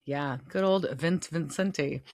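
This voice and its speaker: A woman's voice: deep voice, slow, darkish tone. A woman co-hosting a podcast, loosely recapping a TV episode with casual swearing. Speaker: podcast co-host.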